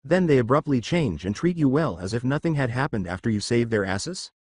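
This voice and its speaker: A man reading the lines of a gentle, grieving tribal mother in a soft, plain way. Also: medium pitch, animated, brisk, breathy edge, no room sound, studio quality. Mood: sad.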